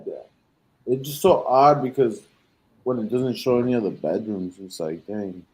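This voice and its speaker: A man's voice: mid-range voice, normal speed, darkish tone, poor audio. A man working alongside a sales coach, chatting casually during live calls with short offhand replies. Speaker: sales colleague.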